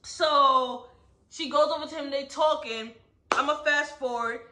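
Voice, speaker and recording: A woman giving a casual, animated recap of a novel, often checking in with her listeners. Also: sits high, a little slow. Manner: animated storyteller, asks "right?" often. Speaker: book club host. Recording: roomy echo.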